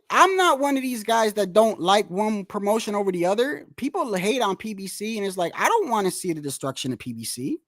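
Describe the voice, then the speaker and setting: A man's voice: high-pitched, dry recording, clean studio sound. A man talking casually about boxing in a rambling, slangy, profane way. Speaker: boxing commentator. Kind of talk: casual solo boxing talk.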